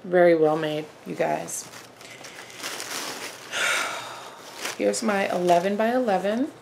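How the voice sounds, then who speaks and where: A woman with a gravelly edge to her voice chats through a craft haul at home, excited and gushing, now and then slipping into a hushed whisper. Her pitch sits in the middle, and faint noise hangs under the camera mic. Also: slow. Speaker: flosstube host. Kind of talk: casual haul vlog.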